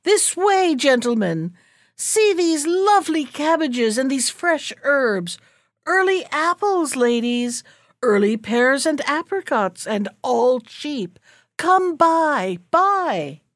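Storybook: cheeky young boy, loud and high, woman voicing him. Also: sing-song, moderate pace, dry recording. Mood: calling out. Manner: loud, calling out. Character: cheeky young market boy crying wares.

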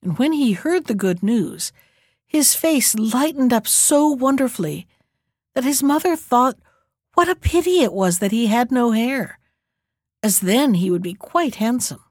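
A woman librarian reading a folktale aloud in an expressive, lively storytelling manner on a close mic. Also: fairly high pitch, a little slow, no echo.

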